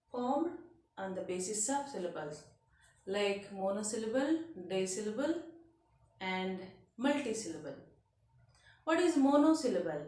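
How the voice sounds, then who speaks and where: Slow-talking woman teaching English, echoey room. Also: medium pitch, a little mellow, far from the mic. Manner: slow, repeats example words, frequent "okay" checks. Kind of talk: classroom grammar lesson.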